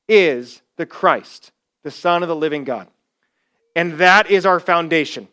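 A man's voice: sits high, fairly bright tone, smooth. A male pastor preaching a sermon, telling the story with energy and acting out the quoted lines in a casual, conversational way.

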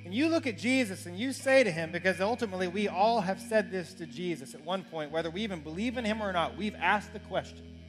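A man's voice: sits high, lively intonation, quick pace, over music. A man preaching a sermon as pastor, earnest and building to urgent questions.

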